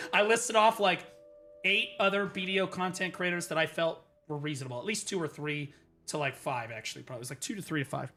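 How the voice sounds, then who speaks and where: A young man telling a story on stream in a profane, excitable way, now and then bursting into shouts. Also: a little high, brisk. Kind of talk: animated storytelling rant.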